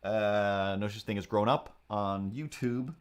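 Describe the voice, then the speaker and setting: A man's voice: lowish voice, unhurried, clear, resonant tone. A man hosting a live drawing stream, rambling casually with restarts and asides. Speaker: streamer and artist.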